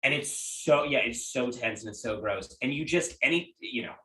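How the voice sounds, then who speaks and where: A man co-hosting a casual podcast, his voice bright and forward. He rambles through stories with lots of fillers and laughs. The sound carries a roomy echo. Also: medium pitch, animated, moderate pace. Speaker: podcast co-host. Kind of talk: casual chat about movies.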